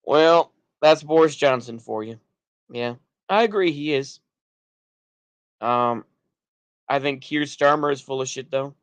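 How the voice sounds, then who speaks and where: Texan dude streaming kinda drunk, average pitch, rambly, dry close mic sound, keeps trailing off and restarting. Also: male voice, a little slow, long pauses, clear, resonant tone, dry recording. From United States. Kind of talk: rambling livestream talk reacting to chat.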